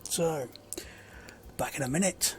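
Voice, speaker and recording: A man giving relaxed, rambling gameplay commentary as a sim racing video host, with many fillers and dry sarcasm. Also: on the high side, slow, a little hiss or hum.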